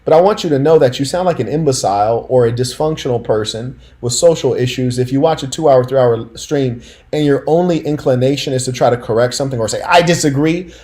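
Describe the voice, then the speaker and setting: A man's voice: mid-range voice, fairly quick, darkish tone. A man hosting a casual commentary stream, telling stories in a slangy, emphatic way and talking straight to his audience.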